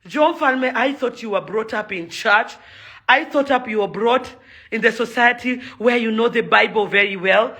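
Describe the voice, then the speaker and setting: A young Kenyan woman, a socialite and event organizer, speaks in a fairly high, bright, tense voice at a moderate pace. Her video rant is furious and heavily emphatic, and she returns to the same points over and over.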